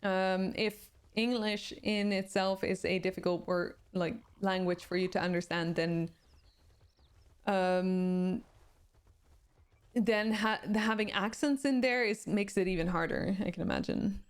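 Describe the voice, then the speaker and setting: A woman's voice: mid-range voice, steady tone, unhurried, clear, resonant tone. Swedish woman chatting with stream viewers. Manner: reads viewer comments aloud and answers them chattily. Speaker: game streamer. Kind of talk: casual chat with live viewers.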